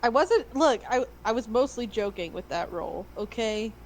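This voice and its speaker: A woman at a tabletop game, speaking with animated, defensive energy. Her voice sits a little high, and there's a faint background noise. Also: normal speed, low-quality recording. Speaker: player.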